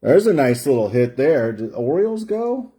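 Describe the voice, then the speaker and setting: A man's voice: mid-range voice, sing-song, normal speed, warm tone, breathy edge. A man hosting a live card break stream, chatting casually and drawing out player names as he opens packs. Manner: chatty, rambling, drawls out player names while opening packs.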